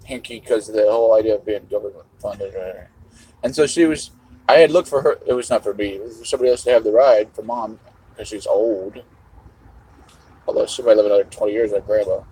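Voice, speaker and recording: A man's voice: lowish voice, brisk, long pauses, mellow, breathy edge, poor audio. A middle-aged man vlogging in a casual livestream monologue, rambling and musing with a half-joking tone.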